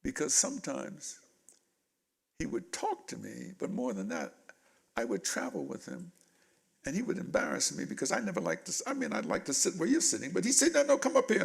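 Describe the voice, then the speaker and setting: A man in his eighties, a guest speaker telling stories from his life to a panel audience in an animated way. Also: on the high side, creaky, slightly rough. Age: 80s. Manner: animated storyteller, voices quotes loudly. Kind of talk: storytelling in a panel talk.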